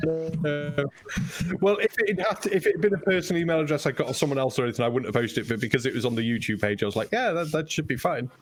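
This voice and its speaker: A man's voice: medium pitch, rapid-fire, hardly any pauses, soft background music. A man hosting a live poker stream, chatting casually and explaining things step by step. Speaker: host and poker dealer.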